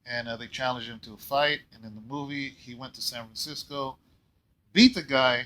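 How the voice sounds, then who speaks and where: A man pastoring a church, telling a story in a casual, rambling way and often clearing his throat. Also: medium pitch, normal speed, pushed and bright, low-quality recording. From California. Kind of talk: casual Bible talk.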